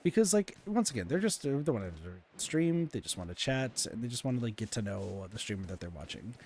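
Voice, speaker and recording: A man's voice: medium pitch, very animated, a little fast, darkish tone, a little hiss or hum. A man streaming a game, chatting casually and rambling through his frustrations with plenty of fillers and restarts. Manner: rambling and candid, full of fillers and restarts, venting. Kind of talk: casual stream chat while playing.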